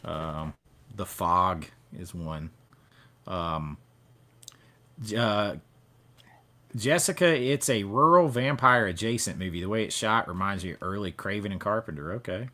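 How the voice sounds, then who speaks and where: A man hosts a casual livestream, chatting loosely between reading product blurbs. His voice is bright and forceful, pitched a little low. He rambles with restarts and asides. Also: a little slow, long pauses. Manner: chatty, reads blurbs aloud in a mock news-anchor voice. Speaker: host.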